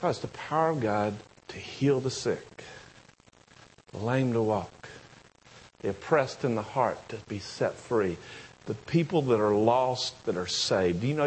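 Husky, animated preacher man. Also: rough recording. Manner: animated storytelling, swooping from high excited bursts to low hushed tones. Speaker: pastor. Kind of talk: sermon.

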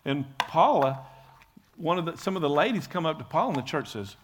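A man's voice: fairly high pitch, lively intonation, fairly quick, slight background noise. Chatty male pastor telling a story. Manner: conversational, rambling with many "you know"s and restarts. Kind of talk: sermon storytelling.

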